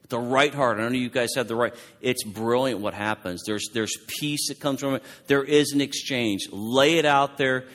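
A man's voice: mid-range voice, moderate pace, hardly any pauses. Man preaching in a reverberant hall. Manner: animated, conversational preaching with restarts. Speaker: pastor. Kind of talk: sermon.

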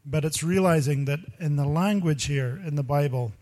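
A male pastor giving a sermon full of personal stories, talking in an animated, rambling way and laughing often. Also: a little high, moderate pace.

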